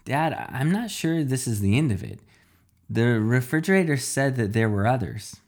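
A man's voice: mid-range voice, animated, normal speed, darkish tone, pitched above the performer's own voice. A man voicing an eager young boy hero in a storybook reading, full of questions.

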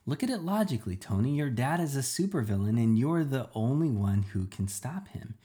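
A man's voice: mid-range voice, big pitch swings, fairly quick, warm tone, pitched above the performer's own voice, lightly acted. A man reading a storybook aloud, voicing a secretive young girl genius who argues insistently. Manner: pressing, argumentative.

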